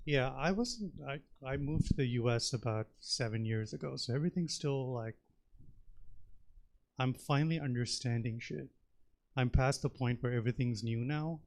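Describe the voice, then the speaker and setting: A man's voice: mid-range voice, normal speed, darkish tone. Chatty man from India doing stand-up. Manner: chatty, rambling delivery with many fillers. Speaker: stand-up comedian. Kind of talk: stand-up comedy set. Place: comedy theater stage.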